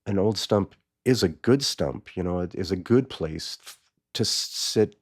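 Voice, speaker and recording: A man voicing a gentle, giving female tree, old and bare, speaking softly and apologetically. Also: low voice, expressive, measured pace, husky, no echo, studio quality, exaggerated voice.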